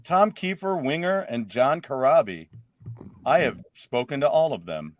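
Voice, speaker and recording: A man hosting a casual live show, joking around and laughing loudly with his guests. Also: medium pitch, lively intonation, measured pace, no echo. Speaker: host.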